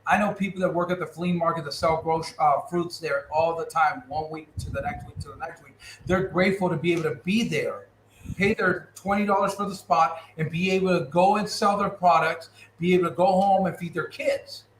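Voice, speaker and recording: A man's voice: a little high, a little fast. A man running for governor, with a Californian accent, answering interview questions bluntly and with passion. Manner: blunt, impassioned, emphatic. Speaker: political candidate. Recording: echoey room with faint noise.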